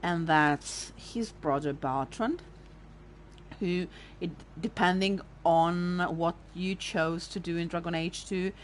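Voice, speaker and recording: A woman's voice: on the low side, slow, slight background noise. Emotional Italian woman commenting on a game. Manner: emotional, rambling, swearing. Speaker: let's play host. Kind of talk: casual gameplay commentary.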